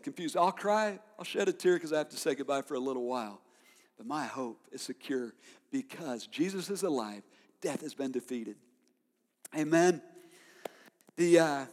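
A man preaching a sermon as pastor, emphatic, swinging from loud declarations to quiet reflection and asking his listeners questions. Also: fairly high pitch, measured pace. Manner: asks the listeners rhetorical questions. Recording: long reverb of a large hall.

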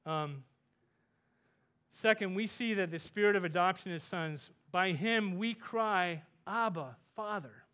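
A man preaching a sermon, earnest, rising loud for emphasis and dropping soft on tender points. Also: unhurried, smooth. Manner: earnest, rises in pitch and volume for emphasis, softens for tender points.

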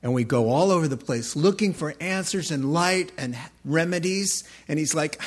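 A man preaching a sermon in a conversational, animated way, acting out short voices as he tells stories. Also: fairly high pitch, moderate pace, few pauses. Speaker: pastor.

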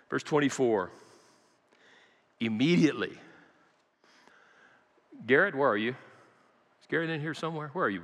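A man's voice: medium pitch, fairly bright tone, long reverb tail. An older man preaching a sermon as pastor, asking the congregation questions and repeating key lines. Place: church sanctuary.

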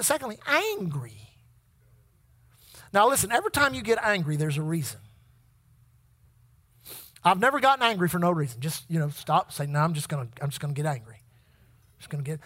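Preacher, sermon, call-and-response, animated pitch, reads old scripture wording, repeats words. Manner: repeats words and restarts when building up.

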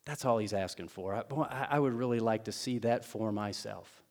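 A man's voice: on the low side, moderate pace, darkish tone. A pastor preaching a sermon in a conversational, storytelling way, acting out the words of the people in his stories. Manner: conversational storytelling, acts out quotes.

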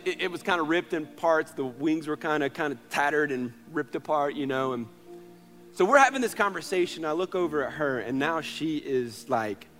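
A pastor in his thirties, his voice on the high side, preaches a sermon in an earnest storytelling style. He moves between loud passages and hushed ones.

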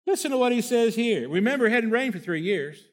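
A man's voice: very high voice, lively intonation, fairly quick. A man preaching a sermon, reading scripture aloud and breaking in with folksy asides and rhetorical questions. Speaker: pastor.

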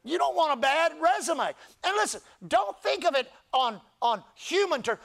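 A male pastor preaching a sermon at a church service, often building to shouts and calling for the congregation to answer back. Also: very high-pitched, very animated, normal speed, vocal fry, few pauses. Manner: preaching, often rising to shouts with crowd call-and-response.

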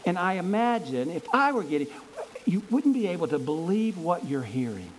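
A man with a high-pitched voice tells a Bible story as a sermon. His retelling is animated and enthusiastic, with frequent repeated words. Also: normal speed, a little hiss or hum, low-quality recording. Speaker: preacher.

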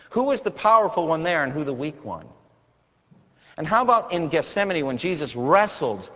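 Preaching man, dramatic swings, reverberant. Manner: dramatic preaching, swinging from loud cries to hushed lows. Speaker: pastor. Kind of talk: sermon. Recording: dull sound with long hall reverb.

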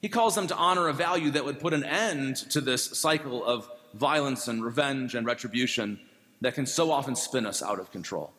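A man preaching a sermon in a conversational, gently humorous way. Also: medium pitch, animated, normal speed. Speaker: pastor. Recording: long reverb.

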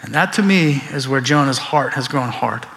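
A man pastor delivering a sermon in an animated way, acting out biblical figures in quoted voices. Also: medium pitch, normal speed, gravelly. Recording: long reverb of a large hall.

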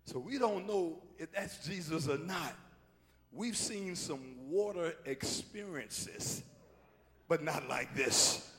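High gravelly preacher in a big hall. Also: male voice. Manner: call-and-response preaching, swinging from hushed to shouting. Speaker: pastor. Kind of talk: sermon. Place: church sanctuary. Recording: long hall reverb.

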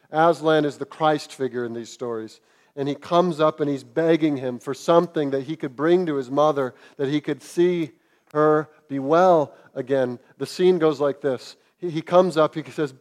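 A man preaching a sermon to his congregation, earnest, rising to loud emphatic peaks and dropping to hushed, tender lines. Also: fairly high pitch. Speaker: pastor. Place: church sanctuary.

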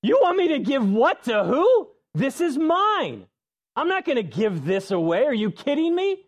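A man voicing a possessive little kid who refuses to share, shrill and indignant. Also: huge pitch swings, measured pace, highs cut off, heavily acted.

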